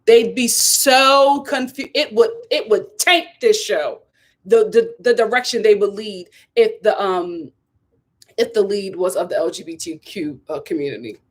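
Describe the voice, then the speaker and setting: Hosting her own vlog, a woman with a medium-pitched voice chats casually and emphatically at a normal speed. She tells a story in a casual, opinionated way, acting out other people's voices.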